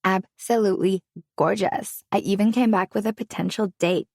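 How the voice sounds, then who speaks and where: A woman's voice: mid-range voice, fairly even intonation, normal speed, creaky, a little mellow, no room sound, clean studio sound. A woman voicing an affectionate, playful male hairstylist friend in an audiobook.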